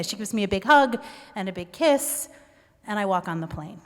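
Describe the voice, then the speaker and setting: A woman telling a personal story on stage, animated and self-mocking. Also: medium pitch, normal speed. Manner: animated, self-mocking, acts out quoted voices. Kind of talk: live storytelling. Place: performance venue stage. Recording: live stage with long hall reverb.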